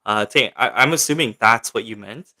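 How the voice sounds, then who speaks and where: A man's voice: on the low side, moderate pace, bright, forceful tone. A young man hosting a casual livestream, chatting loosely with viewers and reading their questions aloud, with lots of filler words. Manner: chatty and rambling, many fillers, reads chat questions aloud. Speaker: livestream host. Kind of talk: casual livestream chat, answering viewer comments.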